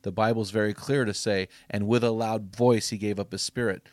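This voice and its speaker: A middle-aged man giving a preaching-style podcast talk to men as ministry speaker and host, emphatic and exhortative, rising to loud punchy bursts. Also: on the low side, fairly even intonation, normal speed, dry recording.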